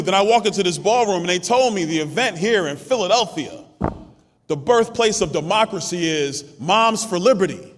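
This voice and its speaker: Man from Brooklyn giving a rousing rally speech. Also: high-pitched. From Brooklyn, New York. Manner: conversational storytelling, punchy and rousing. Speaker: congressman speaking at a summit. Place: hotel ballroom. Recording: long reverb of a large ballroom.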